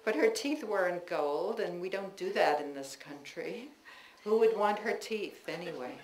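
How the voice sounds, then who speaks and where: A woman writer reading her memoir aloud at a live bookstore event, wry and expressive, laughing through the funny parts. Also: on the low side, measured pace. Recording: roomy bookstore with faint noise.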